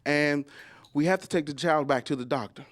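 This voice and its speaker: A man in his forties doing a stand-up comedy story, jumping into high squeals when he acts out quotes. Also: brisk. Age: 40s. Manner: animated, jumps into high squeals acting out quotes.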